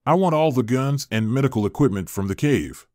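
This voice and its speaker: Greedy commanding boss man in an audiobook, read by a man, smooth and dry. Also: mid-range voice, lively intonation, brisk, darkish tone, no room sound, close to an everyday voice. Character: scheming greedy male camp boss, demanding.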